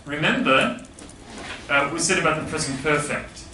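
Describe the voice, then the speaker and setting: A man with a slightly raised voice teaches grammar to a class, patiently explaining and putting questions to the room. He is recorded from across an echoey classroom with steady noise behind him. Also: fairly high pitch, normal speed. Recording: echoey classroom, far from mic, background noise.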